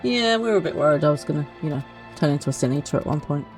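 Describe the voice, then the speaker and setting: A chatty woman on a live game stream, reading dialogue aloud between casual asides. Her voice is on the low side with a lively, animated pitch. Game music plays faintly behind her. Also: very fast. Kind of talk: casual let's-play commentary.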